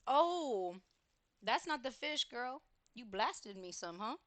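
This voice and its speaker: A woman's voice: on the high side, sing-song, takes it slowly, fairly bright tone, no echo. A woman streamer chatting casually while gaming, gushing, giggling and exclaiming often.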